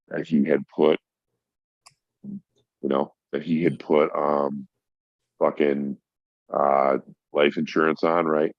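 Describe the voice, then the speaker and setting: A man's voice: extremely low pitch, no room sound. A middle-aged man from Minnesota, a podcast guest telling a heartfelt story in casual chat, swearing freely. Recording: dull, dry lo-fi sound.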